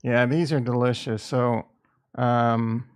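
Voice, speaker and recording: Slow, rambling male crypto streamer. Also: medium pitch, fairly even intonation, clear, resonant tone. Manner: rambling, thinking aloud while trading; casual and profane. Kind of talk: casual livestream chat.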